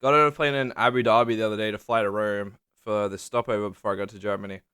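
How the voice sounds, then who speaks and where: A man's voice: fairly low pitch, fairly even intonation, fast talker, fairly bright tone, clean tone, no room sound, clean studio sound. A young man telling rambling, swear-laden travel stories to camera in a casual vlog, leaning hard on "like". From Australia. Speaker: vlogger. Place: small indoor room under a lamp.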